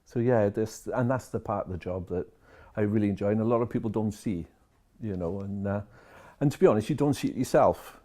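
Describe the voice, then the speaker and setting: Man, care worker, lowish mellow voice, chatty storyteller who relays every exchange. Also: a little fast. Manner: chatty, retells conversations line by line. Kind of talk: storytelling to camera.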